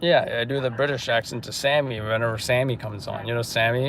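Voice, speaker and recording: A man's voice: mid-range voice, fairly even intonation, fairly quick, vocal fry, hardly any pauses, a bit bright. A young man from Kazakhstan hosting a casual livestream from inside his car, joking and reading out viewer comments. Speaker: livestream street news reporter.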